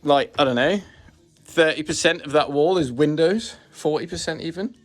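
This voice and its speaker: A man's voice: fairly high pitch, normal speed. Rambling guy showing his bus build. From United Kingdom. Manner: rambling, self-deprecating, plain-spoken. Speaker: vlogger converting a bus. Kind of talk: casual narrated build vlog. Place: inside a bus being converted.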